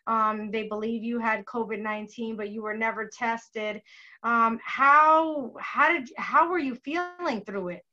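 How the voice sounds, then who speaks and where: Bright-voiced woman interview host. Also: fairly high pitch, a little slow. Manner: warm encouraging, affirming. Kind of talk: casual video interview. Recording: dull lo-fi sound.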